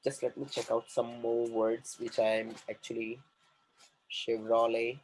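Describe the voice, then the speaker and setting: A man's voice: mid-range voice, monotone, a little slow, a little mellow, a little hiss or hum, rough recording. A man with an Indian English accent teaching a class, repeating words and asking the students questions as he writes on the board. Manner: repetitive, drilling, asks class questions. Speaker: communication trainer.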